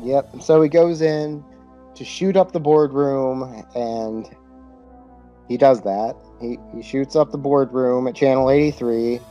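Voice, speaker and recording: Mellow man recapping a movie. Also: mid-range voice, slow pace, dull audio, faint music behind. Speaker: podcast co-host. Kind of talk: casual movie chat over beer.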